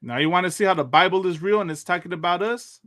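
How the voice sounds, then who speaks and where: Male talk-show host, casual preacher vibe, chatty with fillers, slightly high voice, dry close sound. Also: quick pace, sharp tone, no room sound. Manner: loose, chatty, laughs often, fillers like "you know what I mean".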